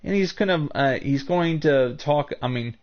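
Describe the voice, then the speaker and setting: Rambling American streamer with a dull mic. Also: male voice, fairly high pitch. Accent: Northern US. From United States. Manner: rambling and halting, full of restarts. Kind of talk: casual live-stream chat with viewers.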